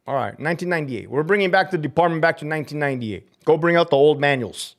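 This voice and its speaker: A man ranting on his live stream, cursing hard and swinging between loud outbursts and low muttering. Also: lively intonation, quick pace. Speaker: livestreamer and prison officer. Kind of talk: profane live-stream rant.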